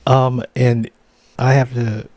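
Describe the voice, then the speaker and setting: A man hosting an interview, asking questions in a halting way as he searches for words. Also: medium pitch, little pitch movement, a little mellow, no room sound. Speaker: interview host.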